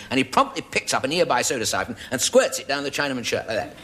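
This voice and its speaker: A man telling a rambling comic story on stage in a dry, deadpan way. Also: mid-range voice, quick pace, slightly rough. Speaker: comedian. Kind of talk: stage monologue before a live audience.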